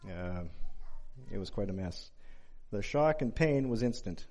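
A man in his forties giving a sermon and telling a personal story, speaking in a measured, reflective way with pauses between phrases. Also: lowish voice, expressive, darkish tone, slight background noise. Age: 40s.

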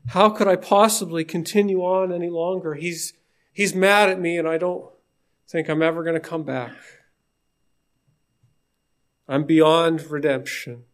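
A man's voice: a little high, fairly even intonation, moderate pace, natural voice. A man voicing the biblical Cain, an anguished adult man pleading in despair.

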